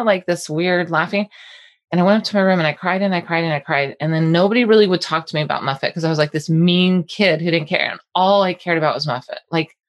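A middle-aged woman co-hosting a podcast, telling a personal story in casual, rambling chat with many restarts. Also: on the low side. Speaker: podcast co-host.

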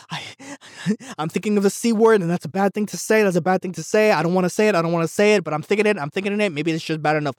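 A young man hosting a solo podcast, ranting heatedly and swearing. He repeats himself and swings between yelling and muttering. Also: sits high, quick pace, no echo, clean studio sound. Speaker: podcast host.

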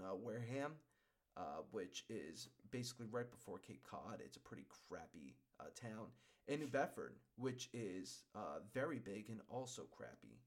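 A man from Western Massachusetts hosting his own podcast, rambling and worked up, tagging his points with "okay?". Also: on the low side. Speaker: podcast host. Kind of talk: casual solo podcast chat.

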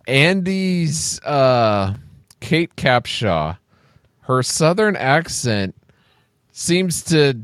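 A man's voice: mid-range voice, no echo, clean studio sound. A man co-hosting a casual movie review chat, teasing and laid-back. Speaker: podcast co-host.

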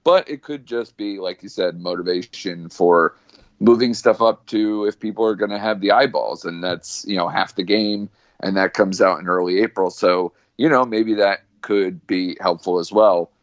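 A man's voice: low voice, normal speed, dry recording, muffled recording. A man chatting casually as a podcast guest, rambling and full of fillers.

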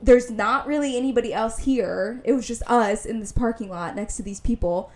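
A woman's voice: on the high side, moderate pace, a little mellow. Chatty young woman storyteller. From Indianapolis, USA. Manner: rambling storytelling, heavy use of "like". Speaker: podcast co-host. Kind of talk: casual chat.

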